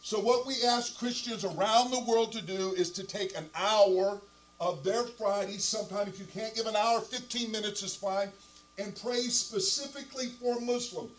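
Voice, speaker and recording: A man's voice: high voice, normal speed, poor audio. An older man preaching a sermon, telling a story with emphatic repetition and asides to the pastor. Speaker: guest preacher.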